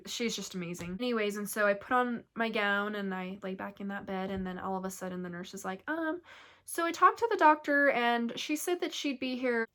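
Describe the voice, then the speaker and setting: Young woman vlogger, chatty storyteller, mid-pitched voice, lots of "like". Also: fairly bright tone. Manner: chatty, heavy use of "like", acts out quoted voices. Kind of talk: casual storytelling.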